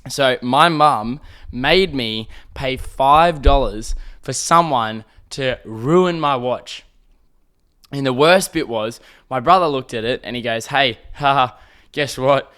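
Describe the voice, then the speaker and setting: A young Australian man tells a story on his own podcast, wandering off track and swearing freely as he goes. His voice is smooth and clear. He acts out the other people in the story as he tells it. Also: mid-range voice, takes it slowly, bright, forceful tone. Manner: rambling, swears often, acts out quotes. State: throat irritated by smoke. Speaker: podcast host. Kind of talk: casual storytelling monologue.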